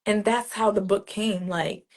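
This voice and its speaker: A woman's voice: mid-range voice, fairly even intonation, measured pace. Earnest woman poet telling a story. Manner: casual, earnest, many "like"s and restarts. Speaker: poet, interview guest. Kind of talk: reflective conversational storytelling.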